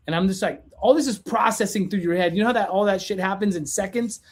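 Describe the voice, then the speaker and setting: Husky-voiced man telling an animated story. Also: high-pitched, quick pace. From California. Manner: lively, acts out the dialogue. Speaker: guest. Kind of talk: animated storytelling in casual chat.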